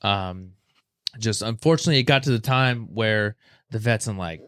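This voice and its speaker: A man's voice: lowish voice, normal speed, a bit bright, clean tone, no room sound, clean studio sound. A man hosting a podcast, telling a rambling personal story in a laid-back way, often repeating himself. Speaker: podcast host. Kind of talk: casual storytelling chat.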